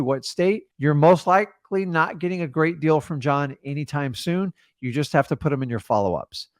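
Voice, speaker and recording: A young man coaching real estate wholesaling, teaching with lively emphasis and shifting pace to demonstrate tonality. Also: on the high side, no echo, studio quality. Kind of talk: energetic teaching monologue.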